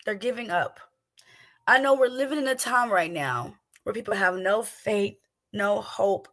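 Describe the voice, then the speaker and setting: A woman hosting a faith livestream, preaching casually and emphatically, repeating phrases and asking rhetorical questions. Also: a little high.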